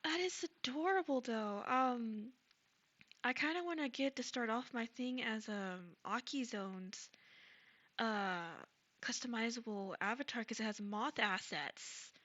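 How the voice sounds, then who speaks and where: A woman streamer chatting casually with her viewers, soft and gushing, stumbling over ums and restarts, still getting over a cold. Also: on the high side, unhurried, highs cut off. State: recovering from a cold. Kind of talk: casual live-stream chat. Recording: streamer's mic with music behind.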